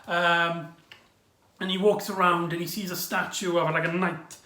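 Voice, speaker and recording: A man giving a casual, rambling recap review of a TV episode, excitable and full of exclamations. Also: sits high, moderate pace. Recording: echoey room.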